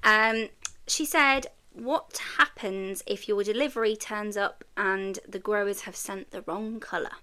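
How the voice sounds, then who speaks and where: A bright, crisp-voiced woman. She chats casually as a podcast co-host, telling stories with animated energy. She laughs easily. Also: mid-range voice, unhurried. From England. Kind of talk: casual chat.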